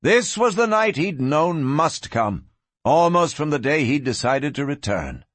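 A man narrates a western audiobook with a husky, slightly breathy voice. His delivery is dramatic, and his pitch swings widely as he tells the story. The recording is dry and close, with no room sound. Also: very animated, a little slow, a bit bright, dry recording.

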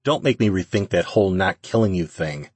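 A gruff leader who gives his orders bluntly, as the narrator reads him. The voice is deep and husky, close to the mic in a dry space. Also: lively intonation, a little fast, a little mellow, no room sound. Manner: gruff, commanding.

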